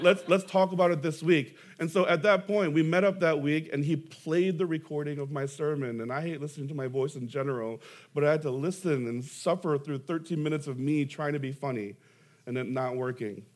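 A man's voice: fairly high pitch, brisk. A young adult man, a pastor preaching a sermon, telling stories with self-deprecating humor and emphatic rises.

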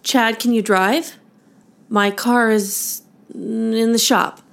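A woman's voice: on the high side, fairly even intonation, slow pace, creaky. A woman playing a snarky, vain young teacher. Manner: snarky, self-absorbed.

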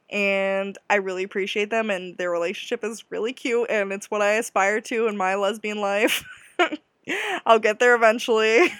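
A woman's voice: medium pitch, fairly bright tone, no room sound. Young woman, podcast host, gushing, laughs a lot, dry sound. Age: young adult. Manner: gushing, giggly, self-deprecating. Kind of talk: casual solo podcast chat.

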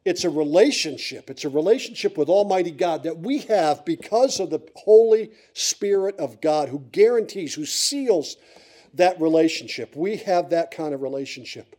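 A middle-aged preacher from Pennsylvania with a high, mellow voice for a man. He delivers a sermon through a comic personal story. He builds suspense by teasing the congregation over and over. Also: lively intonation, moderate pace. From Pennsylvania, USA.

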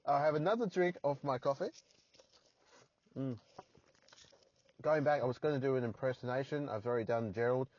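A man's voice: medium pitch, normal speed, long pauses, a little mellow, husky, no echo, lo-fi sound. An Australian man hosting a solo podcast from his parked car, rambling and poking fun at himself with crude jokes. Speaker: podcast host.

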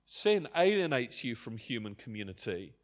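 Male pastor, sermon delivery, lively rising voice, passionate emphasis with hushed drops. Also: mid-range voice, moderate pace. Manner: passionate, rising to near shouts then dropping to quiet.

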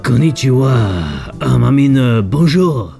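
A man's voice: mid-range voice, very animated, takes it slowly, gravelly, exaggerated voice. A man voicing a mock-earnest carmaker spokesman in a put-on French accent, in a spoof ad. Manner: mock-earnest, self-deprecating. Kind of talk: spoof radio ad. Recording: music bed behind voice. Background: loud backing music.

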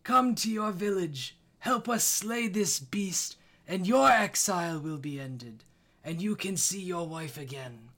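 A man voicing a vengeful older male village elder who sneers and shouts in a raised, strained voice. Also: sits high, animated, unhurried, voice pushed up, full character voice. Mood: scornful.

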